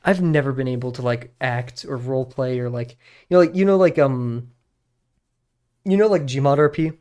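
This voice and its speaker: A man's voice: mid-range voice, moderate pace, a little mellow, smooth. A young man in his twenties, a streamer talking in a casual, rambling way, often laughing at himself. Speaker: drawing streamer.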